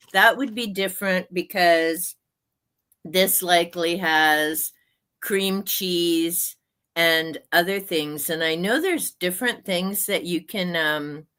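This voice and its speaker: A woman in her sixties hosting a casual stream chat, her voice bright and a little on the low side. She talks slowly and draws out her words, laughing easily between stories. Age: 60s. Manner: chatty, laughs often, slow and drawn-out. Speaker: livestream host.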